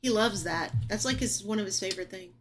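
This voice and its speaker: A woman's voice: mid-range voice, quick pace. A young woman chatting casually at home, sometimes cooing in baby talk to her cat. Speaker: vlogger. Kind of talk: casual home vlog chat.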